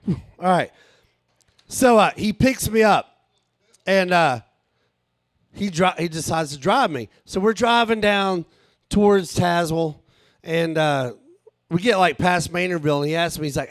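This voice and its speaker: A man, telling a profane, animated stand-up story at a live show. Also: high voice, a little slow, long pauses, dry recording. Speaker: stand-up comedian. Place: live show with a small audience.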